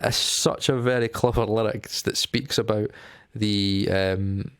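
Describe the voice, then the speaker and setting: A young man talks casually to camera, rambling and stopping to say um between thoughts. His voice sits a little low and barely rises or falls. The sound is close and dry. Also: fairly even intonation, unhurried, fairly bright tone, clear, resonant tone, dry recording. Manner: rambling, lots of ums and restarts. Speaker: music vlogger.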